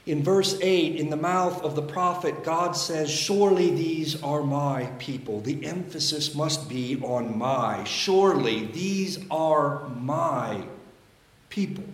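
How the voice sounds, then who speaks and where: A man preaching a sermon as pastor, measured and emphatic, with deliberate pauses. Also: on the high side, reverberant. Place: church sanctuary.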